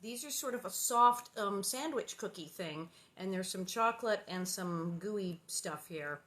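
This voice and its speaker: A woman's voice: mid-range voice, animated, unhurried, fairly bright tone. A woman chatting casually and reading a children's novel aloud, rambling and playful with many asides.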